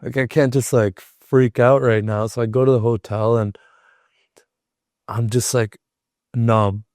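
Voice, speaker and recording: A man's voice: mid-range voice, fairly even intonation, a little slow, darkish tone, no echo, clean studio sound. A young man, a podcast guest, telling a personal story in a casual, rambling way with lots of "like". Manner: rambling, heavy use of filler "like".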